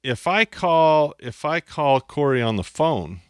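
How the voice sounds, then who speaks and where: A man's voice: on the high side, animated, unhurried, no echo, studio quality. A man teaching a lesson at a board, playful and self-mocking, often repeating his phrases. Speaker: instructor. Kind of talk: explaining on a whiteboard.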